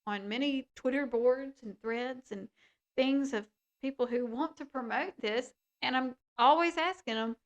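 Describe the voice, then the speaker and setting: A woman with a fairly high voice talks on a podcast. She sounds animated and indignant, and she laughs easily between points. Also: a little slow. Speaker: podcast co-host. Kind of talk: casual podcast chat.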